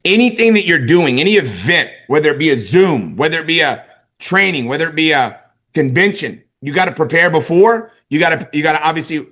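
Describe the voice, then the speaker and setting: Middle-aged man from California, motivational sales trainer, punchy and repetitive, bright forceful tone, slightly high-pitched. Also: lively intonation, a little fast. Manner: emphatic, repeats catchphrases, asks "right?" and "okay?". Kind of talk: energetic motivational talk.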